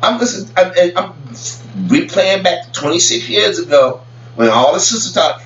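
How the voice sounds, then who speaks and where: A man's voice: high voice, sing-song, normal speed. A man ranting casually to camera in a rambling way, often stammering and repeating words. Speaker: vlogger commenting on celebrity news. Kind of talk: casual opinion rant. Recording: roomy, distant, dull lo-fi with faint hum.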